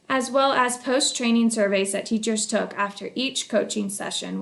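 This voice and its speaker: A woman with a mid-range voice and noticeable vocal fry walks through a school project she led as a technology coach. She speaks in an earnest, measured way and often fills pauses with ums and uhs. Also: mid-range voice. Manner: earnest, measured, with frequent fillers. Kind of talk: recorded capstone project presentation.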